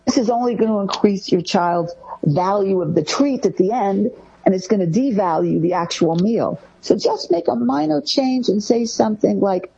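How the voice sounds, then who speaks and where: A woman's voice: lowish voice, expressive, normal speed, creaky, warm tone, breathy edge, highs cut off. A woman hosting a talk show, giving parenting advice and acting out the phrases parents say to their kids. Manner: acts out parents' phrases in a raised voice. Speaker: host.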